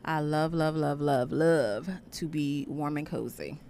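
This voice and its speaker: Chatty, giggly low-voiced woman co-host. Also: unhurried, warm tone, slight background noise. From Haitian household. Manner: chatty and giggly, swears casually. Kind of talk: casual live-stream chat.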